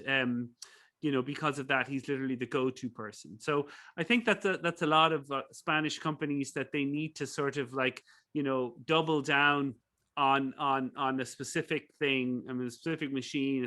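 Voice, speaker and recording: A male guest from Ireland, a business professor, speaks in a mid-range voice with a sharp tone during a casual interview. His storytelling rambles, thick with fillers and restarts.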